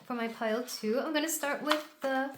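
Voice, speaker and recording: A woman's voice: high voice, normal speed, background noise. Chatty woman reading tarot. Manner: chatty, musing, loose rambling delivery. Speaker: tarot reader. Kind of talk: solo tarot reading to camera.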